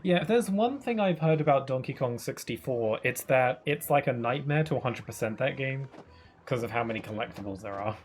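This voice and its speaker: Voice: medium pitch, expressive, brisk, slight background noise. Chatty, joking game streamer. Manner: chatty, joking, laughs easily. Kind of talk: casual gameplay chat. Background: faint game music.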